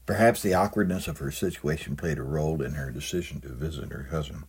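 A man's voice: extremely low pitch, fast talker, darkish tone, slightly rough. A man preaching a sermon, reading out a humorous letter in a storytelling manner before turning to scripture. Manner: humorous storytelling, chuckles at own jokes. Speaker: pastor.

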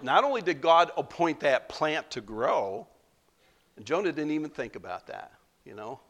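A man preaching a sermon as pastor, animated, acting out quoted voices with big jumps in pitch. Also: a little slow.

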